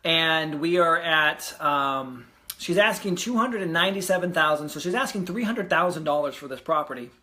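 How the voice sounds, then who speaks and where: Speaking at normal speed in a slightly high, expressive voice with a sharp edge, a young man vlogs from home about a house deal. He's a real estate investor, and this casual video diary finds him rambling, using fillers, and growing easily frustrated.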